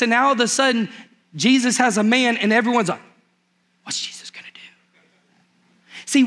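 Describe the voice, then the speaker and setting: Male pastor, high voice, animated comic storytelling in a church sermon. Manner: animated storytelling, acts out the characters with humor.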